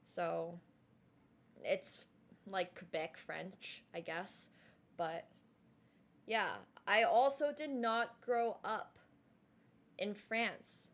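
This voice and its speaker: A young woman streamer chatting casually, candid and quick to laugh, swearing freely, English not her first language. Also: mid-range voice.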